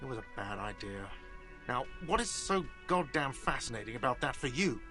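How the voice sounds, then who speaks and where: An actor playing a defensive, irritable middle-aged cafeteria manager in a video game. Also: male voice, mid-range voice, very animated, moderate pace, sharp tone, faint music behind.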